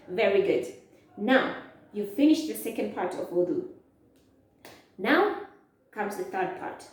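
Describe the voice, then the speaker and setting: Woman teacher, soft dark voice, slow and patient, quizzes kids, distant echoey room. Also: medium pitch. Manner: slow, drawn-out, asks questions and answers them. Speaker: Islamic studies teacher. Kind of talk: teaching children step by step. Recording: echoey, from far off.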